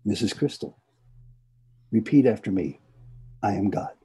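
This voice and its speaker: A man's voice: fairly low pitch, a little slow, mellow, breathy edge. A man voicing a patient, commanding guru. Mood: insisting. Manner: repeats a command patiently and firmly. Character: insistent elderly male guru, gently commanding.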